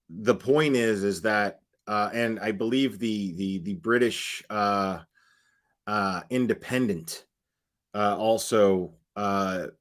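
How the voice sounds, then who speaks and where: A man hosts a casual live-stream commentary in a somewhat low voice. He talks slowly and haltingly, with many fillers and restarts. His remarks are blunt and scornful. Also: fairly bright tone.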